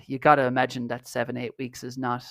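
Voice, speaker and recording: An Irish podcast co-host chats casually and commentates on a marathon, rambling and self-deprecating. His mid-range voice is creaky and a bit bright, delivered completely flat at a quick pace, in a dry, studio-quality recording.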